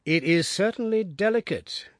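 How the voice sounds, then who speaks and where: A man voicing a composed, keen gentleman detective in an audiobook, measured and inquiring. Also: high-pitched, animated, no echo, studio quality, pitched above the performer's own voice. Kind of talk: audiobook character reading.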